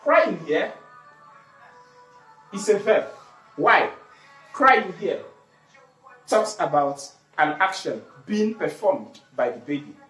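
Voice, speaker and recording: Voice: mid-range voice, animated, slow pace, long pauses, fairly bright tone. An English teacher giving an online grammar lesson, repeating key words and posing questions, then answering them. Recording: roomy echo, faint music behind.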